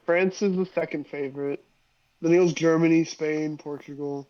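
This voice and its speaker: A young man co-hosting a sports podcast, easygoing and quick to laugh. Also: fairly high pitch, steady tone, darkish tone. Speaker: podcast co-host. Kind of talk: casual sports chat. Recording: dull lo-fi mic.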